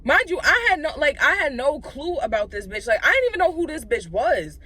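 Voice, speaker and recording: A young woman tells a story for her vlog in a casual, profane rush, leaning hard on fillers. Her voice sits a little high and leaps up and down with lively swings. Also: fairly quick. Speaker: vlogger.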